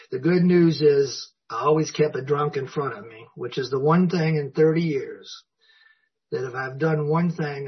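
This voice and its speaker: Older male speaker, folksy storyteller, breathy voice, a bit high. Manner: folksy storytelling, acts out dialogue. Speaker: recovery meeting speaker. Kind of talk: personal recovery talk. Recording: dull lo-fi recording.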